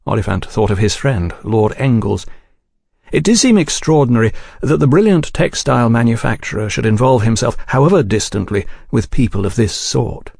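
A man reading a novel aloud in a measured, even audiobook narration. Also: medium pitch, creaky, husky, no echo, studio quality.

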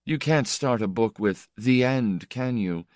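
A man's voice: mid-range voice, a little slow, darkish tone, dry recording, studio quality, lightly acted. A man voicing an anguished young male poet who talks with bitter, self-mocking intensity. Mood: weary.

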